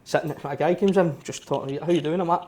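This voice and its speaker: A Scottish man on a casual podcast, rattling through a rambling story at a quick clip. His voice sits a little higher than most men's, and he keeps acting out the back-and-forth of what everyone said. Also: darkish tone. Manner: rambling anecdotes with quoted dialogue. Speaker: podcast co-host.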